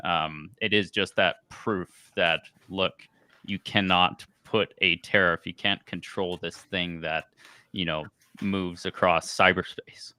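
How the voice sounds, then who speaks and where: Deep, bright-toned man, enthusiastic co-host. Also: fairly even intonation, clean tone, dry recording. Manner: enthusiastic, halting with restarts. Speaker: podcast co-host. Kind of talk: casual panel discussion.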